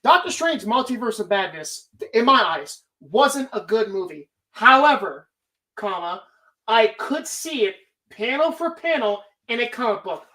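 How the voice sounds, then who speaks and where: A woman's voice: a little high, very animated, unhurried, pushed and bright. A woman hosting a live stream, talking casually in a rambling, profane way. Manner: rambling, heavy swearing. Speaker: streamer host.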